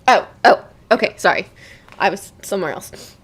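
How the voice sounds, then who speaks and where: A woman's voice: medium pitch, expressive, moderate pace, husky. A woman chatting on a live stream while working on her comics, giggly and self-deprecating. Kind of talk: casual live-stream chat.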